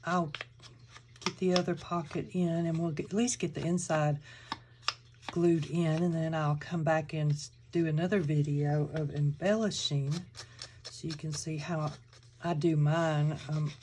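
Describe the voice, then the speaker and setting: A crafting channel host from Georgia talks casually in a Southern accent, thinking aloud as she works through a tutorial. Her voice is low-pitched and darkish, with little pitch movement and a slightly slow pace. A faint hiss or hum sits under the recording.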